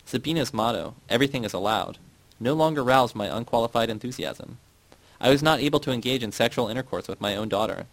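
A man narrating a novel in the first person, reading in a steady, measured way. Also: mid-range voice, dry recording, rough recording. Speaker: audiobook narrator.

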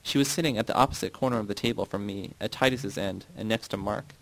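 Gravelly man narrating an audiobook. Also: fairly low pitch, fast talker, a bit bright, poor audio. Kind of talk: first-person audiobook narration.

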